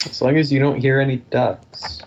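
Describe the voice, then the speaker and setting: A man's voice: medium pitch, fairly even intonation, normal speed, gravelly, lo-fi sound, background noise. A man player talking casually and hesitantly, with many fillers, in a tabletop game. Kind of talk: casual chat while playing.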